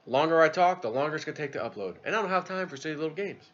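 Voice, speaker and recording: A man's voice: animated, rapid-fire, fairly bright tone, muffled recording. A man casually telling a rambling story as a YouTube vlogger. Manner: rambling, low-key.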